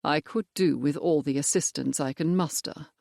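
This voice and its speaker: A narrator voicing a stern male cavalry major who speaks in a measured, firm way in an audiobook. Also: on the high side, creaky, a little mellow, no room sound, clean studio sound. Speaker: character in an audiobook. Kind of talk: audiobook character voice.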